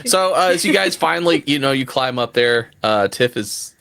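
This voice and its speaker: Game master, male, mid pitch, lively and rambling. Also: normal speed, vocal fry. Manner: loose and rambling, with fillers. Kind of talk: narrating a tabletop game.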